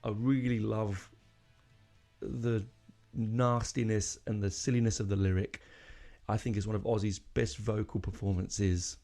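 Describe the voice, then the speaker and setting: A man's voice: fairly low pitch, fairly even intonation, unhurried, vocal fry, mellow, soft background music. A man hosting a podcast, talking casually and emotionally, rambling with lots of fillers and restarts. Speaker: podcast host. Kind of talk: casual solo podcast talk.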